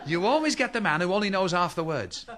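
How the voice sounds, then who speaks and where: A man's voice: high voice, very animated, fast talker, a crowd in the background. A middle-aged man doing a stand-up routine, chatting to the audience and throwing them rhetorical questions. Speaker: stand-up comedian. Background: audience laughter.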